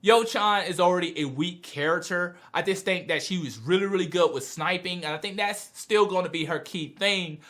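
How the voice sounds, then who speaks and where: An excitable man talks through a manga chapter in a loose, casual review, acting out the scenes as he goes. His voice sits high for a man and has a bright, forceful edge. He swings easily between chatty explaining and loud reactions. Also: moderate pace, hardly any pauses. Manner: animated and excitable, acts out scenes. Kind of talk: casual video review chat.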